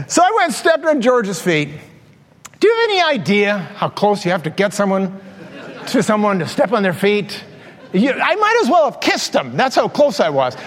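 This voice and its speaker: Animated older pastor telling stories. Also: male voice, high-pitched. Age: 60s. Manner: animated storyteller, laughs at his own stories, acts out taunts. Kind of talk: sermon with personal storytelling. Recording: long reverb of a large hall.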